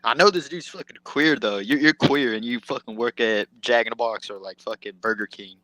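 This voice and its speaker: A man's voice: medium pitch, a little fast, bright, forceful tone, no room sound, low-quality recording. A young man in a heated online debate, casual and brash, laughing at the others.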